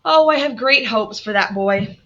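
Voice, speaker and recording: A woman's voice: on the high side, animated, a little slow, fairly bright tone, dull audio, pitched above the performer's own voice. A woman voicing an earnest, spirited young woman.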